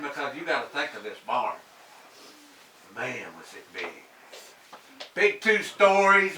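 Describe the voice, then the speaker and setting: Older man, storyteller; slow, animated delivery, heard from a distance in an echoey room. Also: fairly high pitch. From Tennessee, US. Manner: slow, dramatic, draws out words, hushes and shouts. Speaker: family storyteller. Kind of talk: oral storytelling to family.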